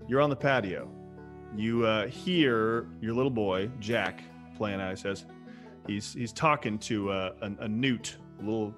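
A man narrating a tabletop role-playing game as game master, relaxed and quick to laugh. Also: on the low side, over music.

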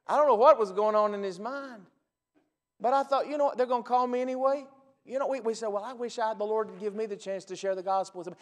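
High-voiced preacher in a reverberant hall. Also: male voice, fast talker. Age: 40s. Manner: storytelling, animated, laughing at his own stories. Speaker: pastor. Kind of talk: sermon. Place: church sanctuary.

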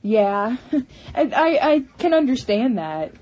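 A woman's voice: a little high, big pitch swings, darkish tone. Hesitant, stammering young woman vlogger. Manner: halting, many restarts and stammers. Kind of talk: casual personal vlog. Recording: slightly muffled home recording.

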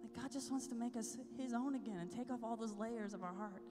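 A woman's voice: a little high, fairly quick. A woman giving an evangelical keynote to a youth conference, passionate and rising into fervent prayer, in a large hall with music behind. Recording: long hall reverb with music.

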